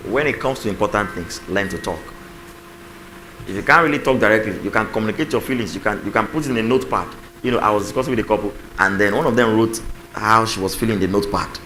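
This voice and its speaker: Forceful low-voiced man preaching. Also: a little hiss or hum, rough recording. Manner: preachy, acts out spouses' lines, calls on the congregation. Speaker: pastor. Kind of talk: sermon on marriage communication. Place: church.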